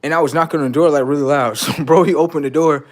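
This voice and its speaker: Brief: man streamer, fairly high voice, blunt and profane, lectures the audience, jumps from loud bursts to quiet asides. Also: fast talker. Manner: animated, swings between loud outbursts and low mutters. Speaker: livestreamer giving relationship advice. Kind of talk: casual livestream monologue.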